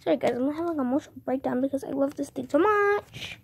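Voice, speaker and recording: A woman's voice: high-pitched, animated, very fast, vocal fry, a little mellow. A young woman giving a casual house tour to camera at home, talking to her viewers in a bubbly, dramatic way. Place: family home, indoors.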